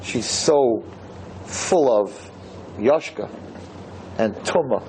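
A man giving a Torah lecture to listeners, telling a story with animated emphasis and repeated phrases. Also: mid-range voice, extremely slow, a little hiss or hum, rough recording.

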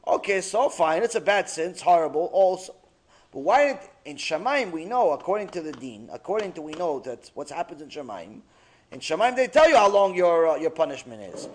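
A rabbi giving a Torah lecture, animated and acting out the quotes he tells. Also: fairly high pitch, brisk. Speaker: rabbi teaching.

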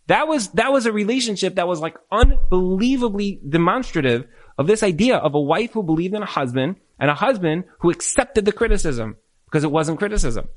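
Animated man giving a Q&A talk. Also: high voice, brisk. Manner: animated, acts out quoted dialogue. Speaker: lecturer answering questions. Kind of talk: Q&A talk on marriage.

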